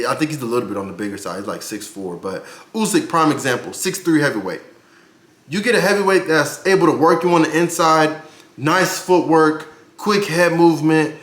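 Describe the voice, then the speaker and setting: A man's voice: a little high, fairly bright tone, roomy sound. A man giving casual boxing commentary for his channel, brash and profane, ranting with big swings in his voice.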